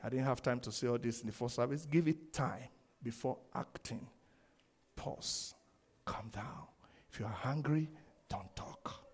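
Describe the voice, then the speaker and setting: A man preaching a sermon, animated, laughing often and acting out the quoted lines. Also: medium pitch, a little fast. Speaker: pastor.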